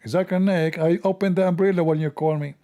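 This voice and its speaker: A man's voice: high voice, steady tone, a little fast, mellow, natural voice. A man doing a mocking impression of a pompous middle-aged male preacher who stammers and repeats himself. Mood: mock lecturing. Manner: mock-solemn, repeats himself. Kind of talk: parody impression.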